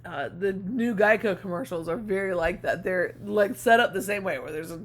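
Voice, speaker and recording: A woman with a mid-range voice co-hosts a podcast in relaxed casual chat. She tells her stories loosely and laughs easily as she goes. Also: mid-range voice, moderate pace, a little hiss or hum. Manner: laughs often, loose storytelling. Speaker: podcast co-host.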